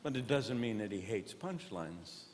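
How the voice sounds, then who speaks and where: A lively male comedian works a live crowd from the stage, his pitch leaping up and down as he moves from sincere preaching into loud comic bits. The sound carries a long hall reverb with a faint hiss underneath. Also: a little slow. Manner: chats with the crowd, questioning audience members. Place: stage before a live audience.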